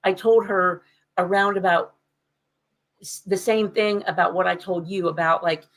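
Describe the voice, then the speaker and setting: Animated woman telling a heated story. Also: on the low side, normal speed, poor audio. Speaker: podcast co-host. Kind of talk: casual podcast chat.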